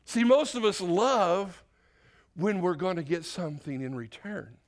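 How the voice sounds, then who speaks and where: A man's voice: high voice, measured pace. A male pastor preaching an informal sermon to a church congregation, correcting himself often and putting questions to the room. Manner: off-the-cuff, self-correcting, asks the congregation questions. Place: church sanctuary.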